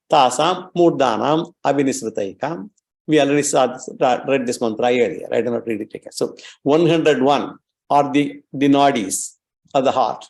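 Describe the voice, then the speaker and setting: A man giving a religious lecture, explaining Sanskrit terms slowly and carefully. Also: medium pitch, vocal fry. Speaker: scripture teacher.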